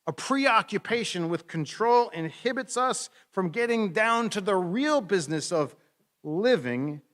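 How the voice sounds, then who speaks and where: Animated pastor preaching, lively pitch. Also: male voice. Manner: conversational, animated storytelling with playful asides. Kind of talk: sermon.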